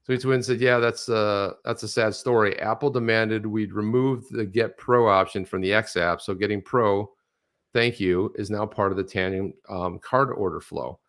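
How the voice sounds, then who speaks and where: A middle-aged man co-hosting a casual chat, telling stories in a rambling, animated way with lots of restarts. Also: on the low side, normal speed. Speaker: co-host.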